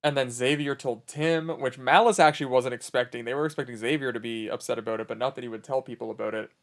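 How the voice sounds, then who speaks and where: A man casually retelling a story from a roleplay game, rambling and animated, quoting what others said. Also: mid-range voice, quick pace. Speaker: streamer in a roleplay server.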